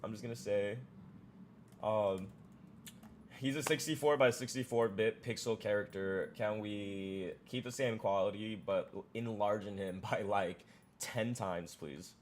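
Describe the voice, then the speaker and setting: A man streaming live, chatting casually and excitedly, often repeating and restarting his words. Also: on the low side, a little slow, slight background noise.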